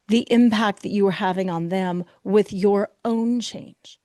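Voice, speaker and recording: A woman hosting a solo podcast as a coach, talking animatedly, acting out inner voices with quick shifts and sometimes dropping to a soft whisper for emphasis. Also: medium pitch, no room sound, studio quality. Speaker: podcast host and betrayal recovery coach.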